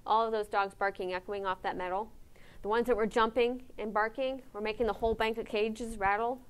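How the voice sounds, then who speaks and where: A woman giving a conference lecture on animal behavior, lively and engaging, often checking in with her audience with questions. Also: fairly high pitch, brisk, smooth. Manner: lively, asks the audience questions, frequent "right?".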